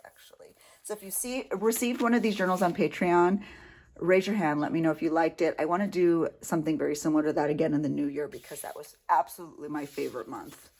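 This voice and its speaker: A middle-aged woman chatting through her handmade journal, gushing over pages and drifting into soft murmured asides, with uneven volume. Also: deep voice, slight background noise. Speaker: craft vlogger. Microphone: home setup, volume uneven.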